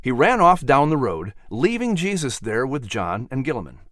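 A man narrating a storybook in an expressive, animated way. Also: medium pitch, moderate pace, no echo, studio quality.

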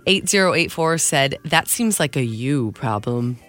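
A woman's voice: extremely low pitch, expressive, fairly bright tone. A woman co-hosting a morning radio show, reading listener texts aloud and chatting casually with her co-host. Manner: reads listener texts aloud, quick agreeing replies.

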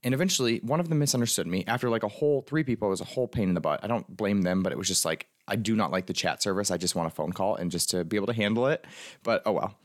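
A man with a fairly low voice rattles through a personal story at a quick clip. He talks casually, a life coach who keeps acting out his own past thoughts. The speech is loose and full of fillers. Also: no echo, studio quality. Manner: fast, chatty, filler-heavy, animated retelling.

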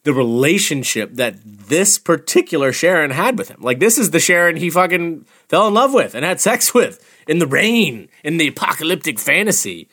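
Profane, animated male podcast co-host. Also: a little high, normal speed, hardly any pauses, breathy edge. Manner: profane, animated, laughs often. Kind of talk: casual chat.

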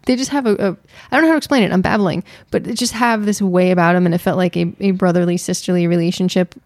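A woman's voice: fairly low pitch, fairly even intonation, fast, darkish tone, no room sound, clean studio sound. A woman co-hosting a podcast in casual, playful chat with her wife. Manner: playful, teasing, chatty. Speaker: podcast co-host.

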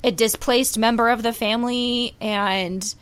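A woman co-hosting a podcast, warmly retelling a TV scene in a casual, emotional way with many fillers. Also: fairly high pitch, measured pace, dry recording. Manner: emotional, animated storytelling with fillers. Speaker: podcast co-host. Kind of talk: casual chat reviewing a TV series.

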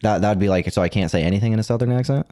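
A man's voice: on the low side, very fast, mellow. A man co-hosting a casual podcast, joking and telling things animatedly with frequent laughs. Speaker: podcast co-host. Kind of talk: casual chat.

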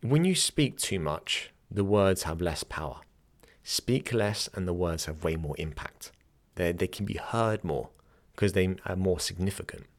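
A man's voice: sits low, animated, a little slow. A young man hosting a podcast and teaching yoga, talking casually, often restarting his sentences and laughing easily. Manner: chatty, self-correcting, laughs easily.

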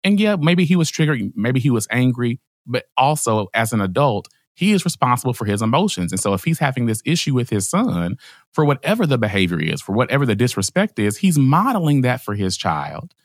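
Animated podcast co-host, lively pitch. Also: male voice, brisk, dry recording, studio quality. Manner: animated, laughing, acts out quotes in a high voice. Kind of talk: casual chat.

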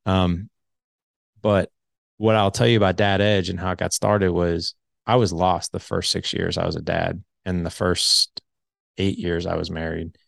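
A man's voice: sits low, level tone, unhurried, creaky, no echo, studio quality. A man in his forties candidly telling his life story in casual conversation, full of "like" fillers. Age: 40s. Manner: candid, heavy use of filler "like".

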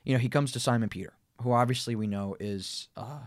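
A man co-hosting a casual Bible discussion podcast, talking in an animated way with frequent laughs and restarts. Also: mid-range voice, a little fast, no echo, studio quality. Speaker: podcast co-host.

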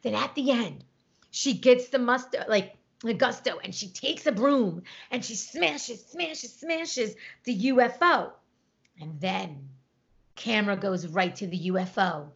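A woman co-hosting a casual podcast chat over a remote call, retelling stories with lively voiced quotes. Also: a little high, moderate pace. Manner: animated storytelling, acts out quotes. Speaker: podcast co-host. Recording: lo-fi internet call audio.

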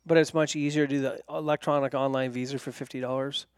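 Relaxed male podcast guest. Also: medium pitch, fast talker, clear, resonant tone, dry recording, studio quality. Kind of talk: casual chat.

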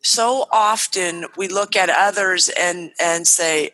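A woman's voice: lowish voice, a little slow, hardly any pauses, low-quality recording. A woman in her forties, a parenting author, talking animatedly in an interview and acting out what parents say to their kids. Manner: animated, acts out parent dialogue. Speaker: guest author and parenting speaker.

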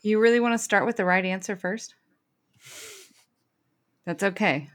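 A woman co-hosting a casual movie podcast, teasing and animated. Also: mid-range voice, normal speed. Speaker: podcast co-host. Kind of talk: casual chat.

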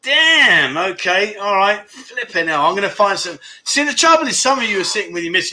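A man chats on a casual livestream and reads out viewer comments. He jokes and teases as he goes, in a high, bright voice that rings clearly. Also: expressive, normal speed, hardly any pauses. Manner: jokey, teasing viewers, laughs often. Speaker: livestream host.

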